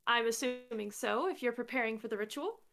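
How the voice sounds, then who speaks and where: A woman narrating a tabletop role-play game as game master, measured and descriptive. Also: on the high side, a bit bright.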